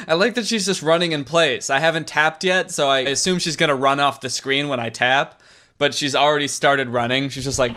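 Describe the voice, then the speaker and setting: A man's voice: fairly high pitch, expressive, normal speed, sharp tone. A man, a YouTuber, riffing sarcastically through comedic commentary on a story game. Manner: sarcastic, riffing, puts on silly voices.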